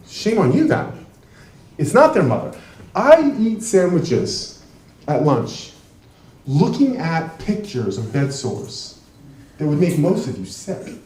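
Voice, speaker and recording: A man who is a trial lawyer, giving an emphatic talk to an audience in a large room, heard from a distant mic. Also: on the high side. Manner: emphatic and animated, with quick bursts. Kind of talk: presentation to an audience. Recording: echoey room, voice from far off.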